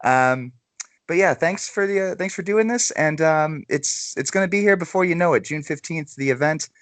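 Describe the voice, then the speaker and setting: A man's voice: on the high side, normal speed, a bit bright, no echo. A man hosting a podcast in casual chat, laughing often and tripping over repeated words. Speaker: podcast host.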